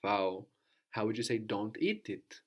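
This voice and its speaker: A male language teacher with a fairly low voice leads a guided lesson. He is patient and keeps prompting his student with questions. He often checks in with a quick "no?" at the end of a point. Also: big pitch swings.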